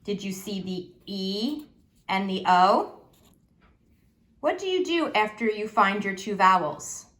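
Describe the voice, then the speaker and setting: A woman teacher giving a slow, patient phonics lesson to children, asking them questions as she goes. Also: mid-range voice, lively intonation, a bit bright.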